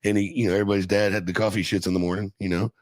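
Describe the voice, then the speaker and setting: A man's voice: lowish voice, little pitch movement, very fast, no echo. A middle-aged man casually telling a profane, laughing story from his youth as a podcast guest.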